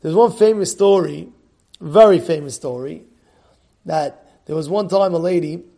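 A man teaching a Torah class, animated, repeating and restarting words and mixing in Hebrew terms. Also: on the high side, measured pace, gravelly.

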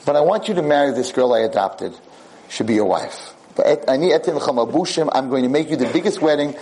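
A man giving a religious lecture, telling a story in a lively way and acting out what the characters say. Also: mid-range voice, fast, a little hiss or hum, low-quality recording.

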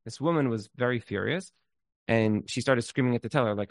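Talking briskly in a mid-range voice with vocal fry, a man offers relationship advice through informal, story-driven talk. He is earnest and emphatic, repeating words while thinking and dropping in Hebrew terms.

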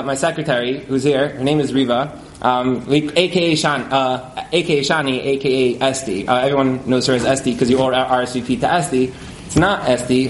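A man telling stories to a live audience in a casual, chuckling way, filling his talk with fillers. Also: mid-range voice. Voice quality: frequent fillers and chuckles, conversational. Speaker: speaker at a community event. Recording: echoey room, faint background noise.

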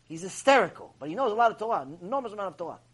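Husky, high-voiced rabbi telling a story. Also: male voice, very fast. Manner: animated storyteller, sprinkles in Hebrew terms. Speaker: rabbi teaching an ethics lecture. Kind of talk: storytelling Torah lecture.

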